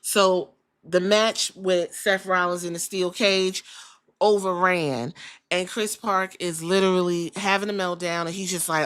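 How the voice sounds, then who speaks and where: A woman's voice: mid-range voice, moderate pace, a bit bright. A woman hosting a podcast, giving a casual, blunt and opinionated review that is laced with casual swearing. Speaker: podcast host.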